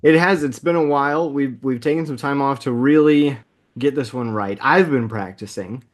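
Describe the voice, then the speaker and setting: A man in his thirties co-hosting a casual movie podcast, upbeat and laughing often as he recaps the plot at a quick clip. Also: mid-range voice. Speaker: podcast co-host.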